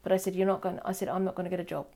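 A woman's voice: on the low side, rapid-fire, creaky. An older woman telling a personal story in an interview, acting out quoted dialogue. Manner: animated, acts out quoted dialogue.

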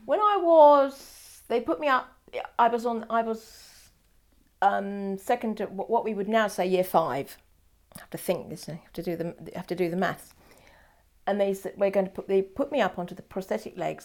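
A woman's voice: mid-range voice, moderate pace, darkish tone. An older woman telling her life story in an oral history interview, wry and digressive, often correcting herself mid-sentence.

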